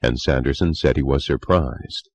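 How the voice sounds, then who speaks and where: Very deep-voiced male audiobook narrator. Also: darkish tone, dry recording. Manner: measured storytelling.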